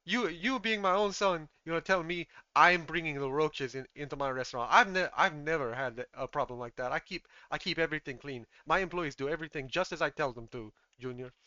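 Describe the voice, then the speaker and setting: A man's voice: mid-range voice, steady tone, normal speed, bright, forceful tone, smooth, no room sound, highs cut off, close to an everyday voice. A man voicing a proud, hot-tempered male restaurant chef who drops Spanish words into his talk. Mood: indignant.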